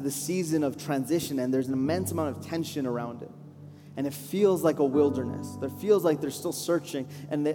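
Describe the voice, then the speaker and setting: A man preaching a sermon live to a congregation, earnest and pleading, building to fervent declarations and slowing down to pray. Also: on the high side. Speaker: pastor. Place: church hall, live congregation. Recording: live church hall reverb with soft music. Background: soft instrumental worship music.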